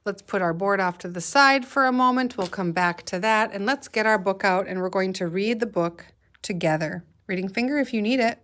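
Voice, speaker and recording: A woman's voice: mid-range voice, brisk, a bit bright. A woman teacher leading a guided reading lesson for young children, patiently sounding out letters and words.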